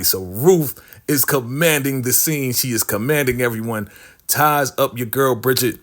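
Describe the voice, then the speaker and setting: A man's voice: medium pitch, unhurried. A man hosting a casual TV recap vlog, acting out the characters' lines. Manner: animated, acts out the characters' lines. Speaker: TV recap host.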